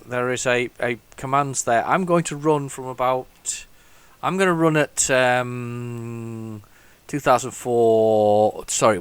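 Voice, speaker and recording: In a retro computing video, the host chats casually as he goes, rambling, thinking aloud, restarting often and tossing in wry self-mocking asides. His voice sits at medium pitch and sounds a bit bright, clear and resonant.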